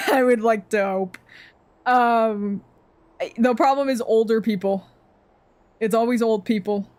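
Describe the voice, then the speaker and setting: Young woman, casual stream rant, profane and rambling, a touch high-pitched. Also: fairly even intonation, measured pace, long pauses, darkish tone. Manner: rambling, profane ranting with frequent laughs.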